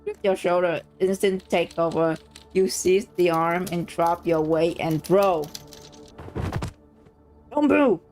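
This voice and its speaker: A woman streamer reading a story game aloud, reacting excitedly and swearing freely between lines. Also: on the low side, unhurried, faint music behind.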